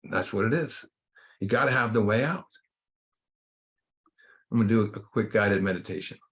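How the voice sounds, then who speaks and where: A man giving an earnest recovery-workshop talk and leading a guided meditation, slow and reflective. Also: lowish voice.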